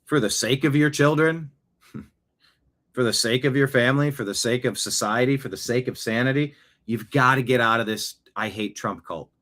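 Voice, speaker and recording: A man with a medium-pitched, slightly bright voice hosts a political talk show at a moderate pace. He offers opinionated commentary, speaking emphatically, repeating phrases for effect and acting out the voices he quotes.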